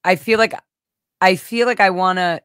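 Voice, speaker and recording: A woman hosting a casual conversational chat, talking animatedly in quick bursts with frequent restarts and some swearing. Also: mid-range voice, fairly even intonation, a bit bright, clear, resonant tone, no echo, clean studio sound. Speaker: podcast host.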